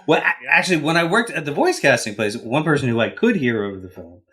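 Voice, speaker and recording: A man's voice: medium pitch, big pitch swings, fast, fairly bright tone, slight background noise. A man co-hosting a comedy podcast, chatting casually with lots of hesitant fillers. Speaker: podcast co-host.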